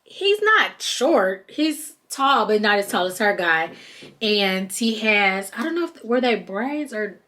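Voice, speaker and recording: A woman's voice: medium pitch, slow. Chatty woman recapping a reality show. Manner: chatty and animated, acts out quoted people. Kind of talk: casual recap chat.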